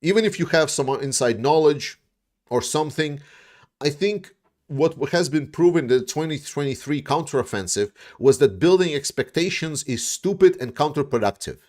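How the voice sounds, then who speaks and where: A man's voice: a little high, animated, moderate pace, darkish tone. Man, casual commentary, rambling, blunt, swears, lots of fillers. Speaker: YouTube war commentator. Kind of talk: casual commentary, answering viewer questions.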